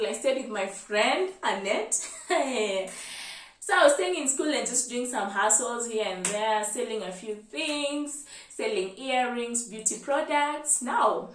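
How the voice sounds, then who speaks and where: A young Kenyan woman with a fairly high voice tells a story from her life in a lively, animated way. She sits a bit back from the mic, and her voice rings in a roomy, echoey space. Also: recorded from a distance. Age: 20s. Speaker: medical student vlogger. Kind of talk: storytelling vlog.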